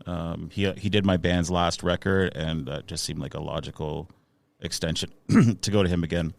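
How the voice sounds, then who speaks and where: Deep gravelly guy, musician guest on a podcast, lots of ums and restarts. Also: steady tone, moderate pace, dry recording. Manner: hesitant, many fillers and restarts. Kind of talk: casual podcast interview.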